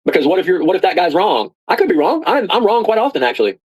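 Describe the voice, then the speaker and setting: A man's voice: high voice, big pitch swings, quick pace, slightly rough, poor audio. A man ranting casually in a rambling, profane way, often repeating and restarting his words. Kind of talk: casual rant.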